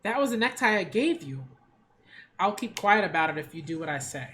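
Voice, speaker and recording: A woman's voice: lowish voice, big pitch swings, fairly quick, fairly bright tone. An actress voicing a desperate, manipulative woman in an anime dub, pleading and then threatening. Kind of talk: English anime dub acting.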